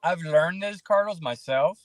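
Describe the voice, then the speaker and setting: A man in casual podcast conversation as a guest, talking in an animated, preachy way and acting out quoted voices. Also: on the high side, moderate pace.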